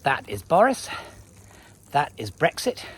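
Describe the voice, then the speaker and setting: A man's voice: a little high, huge pitch swings, a little slow, a bit bright, slightly rough. A man vlogging from his farm, chatting to the camera and coaxing his cattle along. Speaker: farmer vlogger. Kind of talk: casual farm vlog narration. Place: outdoors on a farm and at a livestock market.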